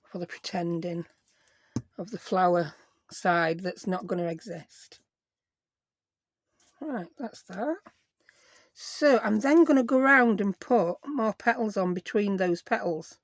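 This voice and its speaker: A woman's voice: mid-range voice, animated, slow pace, long pauses, no room sound. A woman hosting a casual crafting vlog, chatty and self-deprecating, talking to herself as she works. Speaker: craft channel host.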